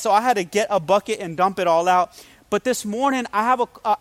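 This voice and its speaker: A man pastor preaching a livestreamed sermon, telling a funny story with energy and calling out to his listeners. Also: extremely high pitch. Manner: energetic storytelling with humor and call-outs to the audience.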